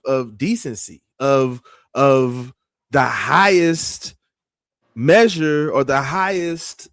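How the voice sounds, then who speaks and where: A man's voice: a little high, no room sound. A man hosting a casual commentary show, talking conversationally with lots of fillers and emphatic points. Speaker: podcast host.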